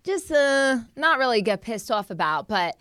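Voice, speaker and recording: A woman's voice: a little high, sing-song, moderate pace, a bit bright, dry recording, studio quality. A young woman from New Jersey hosting a podcast, chatting casually, swearing now and then and restarting her sentences. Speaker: podcast host. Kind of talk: casual chat.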